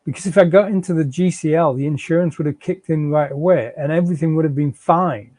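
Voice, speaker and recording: A man's voice: fairly high pitch, fast, mellow, no room sound, natural voice. A man reading the part of a defensive, out-of-work young father who stammers and pleads with his wife. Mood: pleading. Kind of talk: live fiction reading.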